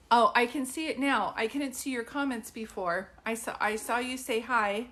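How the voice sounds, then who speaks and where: A woman doing live psychic readings for viewers, chatty and informal, filling pauses with ums and calling people sweetie. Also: a little high, fairly even intonation, fairly bright tone. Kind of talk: livestream chat with viewers.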